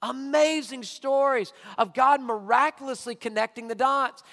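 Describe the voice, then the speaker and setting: A man with a high voice preaches a sermon in a church hall, his words trailing off into a long reverb. He drives his points emphatically, dropping low and quiet before rising to loud, near-shouted lines. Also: normal speed, creaky. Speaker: pastor.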